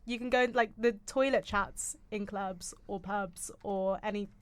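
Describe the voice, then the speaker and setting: A woman co-hosting a podcast, chatting casually with quick friendly interjections. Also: mid-range voice, steady tone, no room sound. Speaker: podcast co-host. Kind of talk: casual chat.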